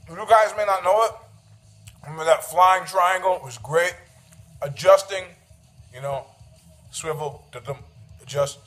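A man with a notably high-pitched voice rants through a story in casual, profane style. He is sarcastic and needling, and often laughs at his own jokes. He sounds middle-aged.

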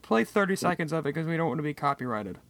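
A man's voice: fairly high pitch, expressive, quick pace, a bit bright, dry recording. A man co-hosting a casual podcast chat, joking and self-deprecating. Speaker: podcast co-host.

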